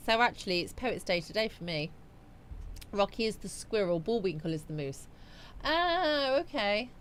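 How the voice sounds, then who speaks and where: A woman's voice: medium pitch, lively intonation, moderate pace, a little hiss or hum. A woman hosting a casual livestream, reading viewer comments aloud and musing on them in a chatty, rambling way. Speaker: livestream host.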